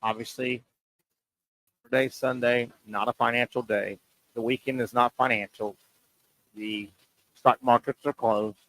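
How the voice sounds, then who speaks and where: A man's voice: medium pitch, fairly even intonation, fairly bright tone, no room sound, poor audio. A man hosting a sports talk show, making his point with rhetorical questions and repeating key lines for emphasis. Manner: pauses and stretches words for emphasis.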